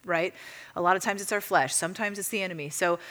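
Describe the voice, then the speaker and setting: A woman teaching a church audience in a casual, chatty way, full of fillers and lively storytelling. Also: lowish voice, quick pace. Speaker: ministry teacher. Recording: long reverb of a hall.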